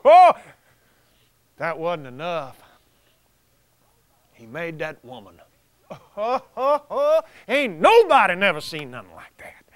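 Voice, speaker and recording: A man preaching a folksy sermon, telling the story with chuckles and animated storytelling. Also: high voice, unhurried, pauses often, no echo.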